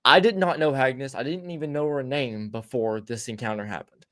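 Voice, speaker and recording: A man's voice: medium pitch, moderate pace, fairly bright tone. A male podcast host tells a story in loose, casual chat. He swears freely and rambles, often restarting his sentences mid-thought. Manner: profane, rambling, frequent restarts.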